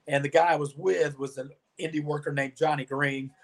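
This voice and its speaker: A man with a somewhat high voice tells stories as a podcast guest. He is animated and chatty, and he acts out other people's lines as he goes. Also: a little fast. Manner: animated storyteller, acts out quoted dialogue. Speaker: podcast guest, former pro wrestler. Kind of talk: storytelling interview answers.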